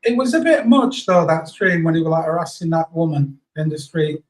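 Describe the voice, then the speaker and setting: He is a man co-hosting a live stream, with a slightly raised pitch and a quiet, brief way of replying. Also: animated, a little fast, crowd noise, poor audio. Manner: brief, low-key replies.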